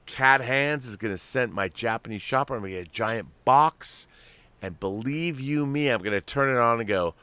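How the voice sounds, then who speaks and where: A middle-aged American man hosting a casual chat, rambling and animated, full of restarts. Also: medium pitch, normal speed, smooth, no room sound. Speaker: host.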